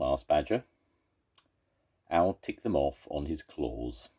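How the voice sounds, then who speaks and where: An older man reads a children's story aloud to his grandchildren in a very low, dark and husky voice. He takes his time, but his pitch moves in a lively, expressive way as he tells the tale. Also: takes it slowly, pauses often.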